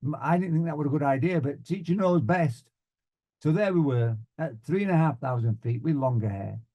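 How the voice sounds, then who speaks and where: A man from Yorkshire with a Yorkshire accent, giving a humorous motivational talk with deadpan, self-mocking timing. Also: fairly high pitch, brisk, lo-fi sound. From Yorkshire, England. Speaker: motivational speaker.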